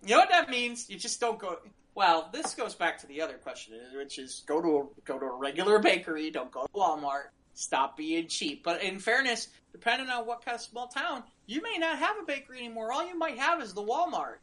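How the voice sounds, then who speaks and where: A man co-hosting a podcast, chatting casually and rambling with animated jokes while reading out news stories. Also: high-pitched. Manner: animated, rambling, quick to joke. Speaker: podcast co-host. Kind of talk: casual chat.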